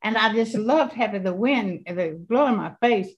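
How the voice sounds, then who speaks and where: A woman in her eighties giving an earnest faith testimony, halting often and repeating her words. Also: medium pitch, expressive, dull audio. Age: 80s. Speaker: guest.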